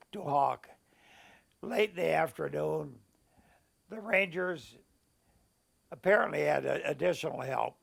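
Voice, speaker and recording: An older man, a war veteran, recounting memories in an oral history interview, halting and searching for words, at times emotional. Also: fairly high pitch. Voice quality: gravelly.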